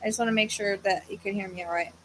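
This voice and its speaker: A woman's voice: medium pitch, steady tone, fast, fairly bright tone, a little hiss or hum, rough recording. A woman hosting a psychic livestream, chatting casually in a tired, hesitant, rambling way with many fillers, yawning at times. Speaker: psychic medium livestream host. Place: at home with a fan running.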